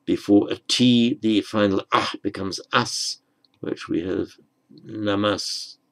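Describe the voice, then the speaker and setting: Man, unhurried, deep voice, teaching Sanskrit grammar, spells out each rule. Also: fairly even intonation, gravelly, a bit bright, low-quality recording. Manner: patient, spells out words and rules. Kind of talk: slow grammar lesson.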